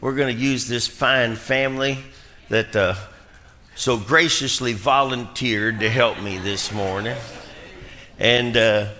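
A man preaching a folksy, animated sermon in a church, calling a family up front to demonstrate his point. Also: mid-range voice, takes it slowly, long reverb tail. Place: church sanctuary.

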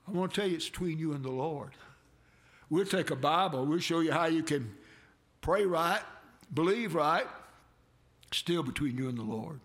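A man preaching a sermon, with dramatic swells that build to near shouts. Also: expressive, normal speed, long pauses. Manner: dramatic preaching with sudden swells in pitch and loudness.

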